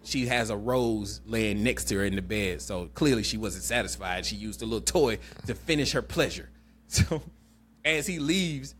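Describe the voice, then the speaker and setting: A man hosting a podcast, recapping a movie in animated, laughing, profane storytelling. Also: on the low side, normal speed, breathy edge. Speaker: podcast host. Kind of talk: casual chat, movie recap.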